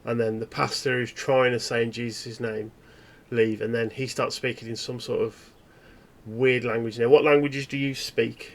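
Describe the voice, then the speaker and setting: A man running a tabletop horror game as game master, describing scenes in a relaxed, meandering way. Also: medium pitch, moderate pace.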